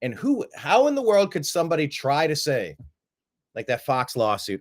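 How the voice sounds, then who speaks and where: Male commentary host, animated pitch, emphatic and mocking. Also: moderate pace. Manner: emphatic, sarcastic, repeats words for effect. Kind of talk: political commentary show.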